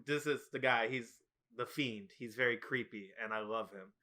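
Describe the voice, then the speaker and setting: A man hosting a podcast in casual chat, telling animated stories and swearing freely. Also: medium pitch, moderate pace. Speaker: podcast host.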